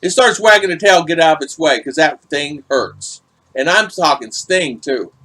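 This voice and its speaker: Middle-aged guy chatting on a livestream, shouting out his viewers, voice a little high. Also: lively intonation, normal speed. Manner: chatty, greets viewers by name. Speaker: vlog host reading live chat. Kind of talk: casual livestream chat.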